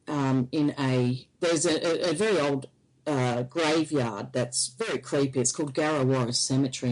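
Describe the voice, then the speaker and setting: A woman, an interview guest, recounting a personal experience in halting, hesitant speech. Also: a bass voice, poor audio.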